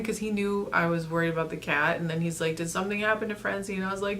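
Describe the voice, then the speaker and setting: A woman in her thirties vlogging, telling a personal story in an earnest, rambling way with restarts and soft laughs. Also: fairly low pitch, steady tone, quick pace, hardly any pauses. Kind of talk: casual storytelling to camera.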